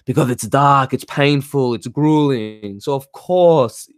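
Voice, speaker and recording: A man's voice: medium pitch, slow, smooth, no room sound, clean studio sound. A man ranting heatedly in casual talk, swearing and laughing as he reads and answers comments. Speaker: spiritual talk host reading chat.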